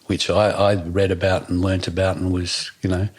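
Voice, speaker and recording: A man's voice: sits low, flat delivery, normal speed, slightly rough. A man, a podcast guest chatting casually and rambling with fillers and restarts. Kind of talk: casual outdoor conversation.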